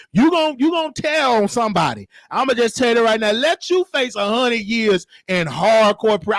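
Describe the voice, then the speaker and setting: A man hosting a casual commentary show with a Chicago accent, talking animatedly and jumping into shrill voices for quotes. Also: dry recording, clean studio sound. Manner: animated, shifts into high shrieking voices for quotes. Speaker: show host.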